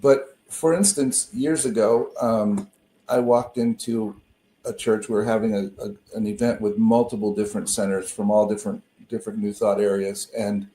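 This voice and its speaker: A man's voice: lowish voice, dark tone, roomy sound. A male minister co-hosting, telling stories in a loose, rambling way with many restarts over a video call. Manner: rambling, self-interrupting storyteller. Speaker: co-host and minister. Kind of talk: casual conversation on a call.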